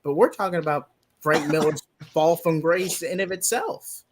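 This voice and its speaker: A man's voice: a little high, moderate pace, noisy background. A man co-hosting a casual comics discussion, jokey and playful. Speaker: podcast co-host. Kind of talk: casual chat.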